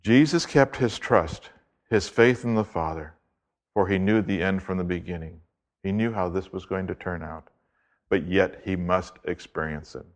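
Deliberate, emphatic low-voiced preacher. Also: male voice. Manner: emphatic, deliberate, slows to stress key words. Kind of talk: expository sermon.

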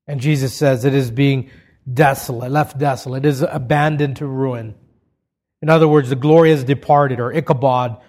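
A man preaching a sermon, rising to loud high emphatic peaks and falling to quiet low endings. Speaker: pastor.

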